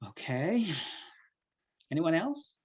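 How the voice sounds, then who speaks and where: A man's voice: fairly high pitch, sing-song, slow pace, a little mellow, slightly rough, highs cut off. A man teaching an online English class, patiently quizzing students by name and explaining word pairings, heard over a video call.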